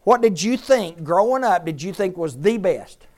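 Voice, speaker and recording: A woman's voice: lowish voice, normal speed. Woman teaching a Bible class. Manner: lively, jokey, quizzes the audience. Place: room with a group of listeners.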